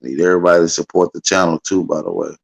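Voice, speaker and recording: A man's voice: low voice, level tone, rapid-fire, creaky. A man hosting a casual livestream, talking loosely and repetitively as he calls out to his viewers and keeps adding "man.". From United States. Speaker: livestream host.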